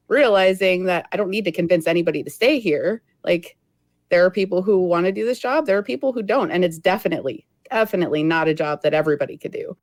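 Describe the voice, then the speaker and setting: Woman podcast guest, lower voice, dry close sound, earnest advice-giver. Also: no room sound. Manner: earnest, reflective, gives advice. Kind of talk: casual podcast chat.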